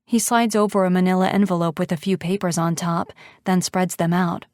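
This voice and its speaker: A woman narrating a first-person romance audiobook in an expressive, intimate way. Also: lowish voice, fairly quick, no echo, studio quality.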